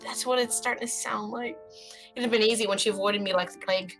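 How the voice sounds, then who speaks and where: A woman streamer reading a story game aloud with expressive commentary and swearing. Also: mid-range voice, soft background music, rough recording. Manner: expressive, swearing, quick reactions.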